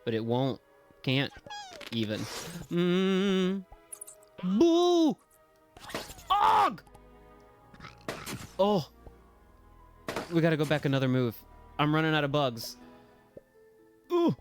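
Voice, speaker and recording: A man's voice: medium pitch, unhurried, long pauses, soft background music. A man streaming a video game live, chatting casually, swearing and yelping when things go wrong. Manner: excitable, swears freely, yelps and talks to chat. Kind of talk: casual live gameplay commentary.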